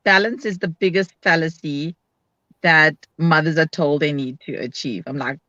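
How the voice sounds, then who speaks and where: A woman's voice: deep voice, normal speed, bright, forceful tone, dry recording. A woman hosting a casual live video chat, talking in a frank, upbeat way and acting out her own quotes. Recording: dull, dry lo-fi sound.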